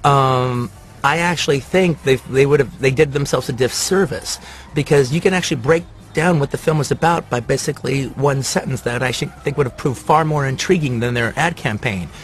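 A man giving rambling, enthusiastic commentary on his favorite films, with many fillers. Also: medium pitch. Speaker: film reviewer. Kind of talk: casual movie-list commentary.

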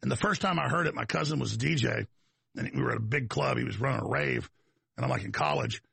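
A man's voice: medium pitch, fast, creaky, sharp tone, breathy edge, no echo. A man with a Texas accent, hosting a talk show in a rambling, combative, folksy monologue that wanders off on tangents.

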